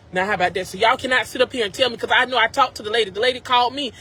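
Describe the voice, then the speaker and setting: A man's voice: very high-pitched, steady tone, rapid-fire, few pauses, pushed and bright, rough recording. A man vlogging from his car, upset and ranting emphatically to his viewers, repeating himself and addressing them directly on a phone mic. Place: in a car at a drive-thru.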